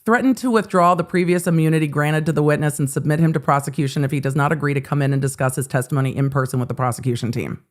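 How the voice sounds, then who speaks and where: A middle-aged woman hosting a casual livestream of legal commentary. She chats with her viewers, swears freely and breaks into animated asides. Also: sits low, racing, hardly any pauses. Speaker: host.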